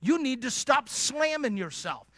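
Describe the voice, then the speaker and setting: High-pitched preacher guy, punchy and direct, really bright tone. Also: very animated, a little slow, dry recording. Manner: emphatic, direct, repeats lines for emphasis. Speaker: conference speaker. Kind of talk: preaching sermon. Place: church.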